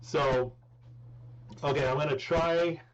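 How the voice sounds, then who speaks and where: A man hosting a political live stream in casual talk, joking and rambling as he tries to speak softly. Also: on the high side, steady tone, slow. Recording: dull lo-fi with faint hum.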